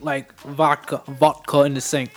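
A man's voice: on the high side, little pitch movement, measured pace. A man co-hosting a podcast in casual chat, blunt and profane, rambling on. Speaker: podcast co-host.

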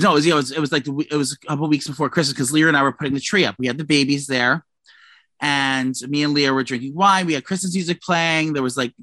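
A man's voice: on the high side, bright, forceful tone, no room sound. A man co-hosting a casual gossip podcast, telling a profane, rambling story full of restarts. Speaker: podcast co-host.

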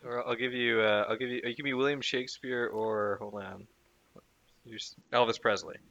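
Bright-voiced man hosting a comedy podcast. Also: mid-range voice, steady tone, normal speed, dull audio.

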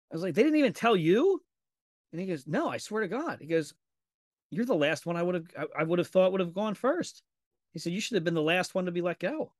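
A man's voice: mid-range voice, no room sound, studio quality. Candid, profane male podcast host. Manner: candid and profane, acts out quoted dialogue in storytelling. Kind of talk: casual conversational interview.

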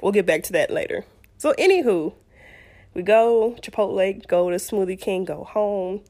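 Young woman, casual storyteller, chatty and animated, very lively pitch. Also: normal speed. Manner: chatty, animated, laughing asides.

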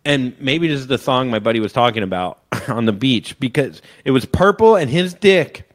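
A man co-hosting a podcast, telling a long story and acting out loud shouted quotes. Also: medium pitch, expressive, moderate pace. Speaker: podcast co-host. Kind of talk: casual chat.

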